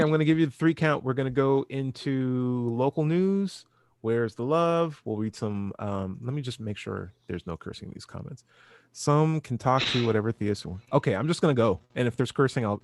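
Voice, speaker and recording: A man's voice: medium pitch, moderate pace. A man hosting a radio talk show, chatting loosely, joking, and steering the program toward breaks. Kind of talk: casual chat. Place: radio studio.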